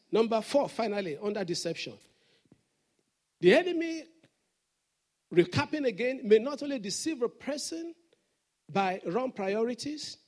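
Fervent, gravelly-voiced male pastor preaching. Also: extremely high pitch. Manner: call-and-response preaching, rising to fervent shouts. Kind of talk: sermon. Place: church.

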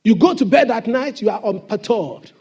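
A man's voice: high-pitched, animated, normal speed, a little mellow, slightly rough. A man preaching a sermon as pastor in a church, with emphatic call-and-response questions to the congregation.

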